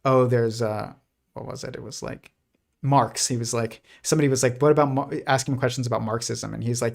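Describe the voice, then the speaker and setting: A man's voice: mid-range voice, steady tone, fairly quick, creaky. A man talking through his thoughts on a casual livestream, with a mid-range voice. He rambles, restarts his sentences, and leans on fillers. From United States. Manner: rambling, many restarts and fillers, laughs softly. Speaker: host.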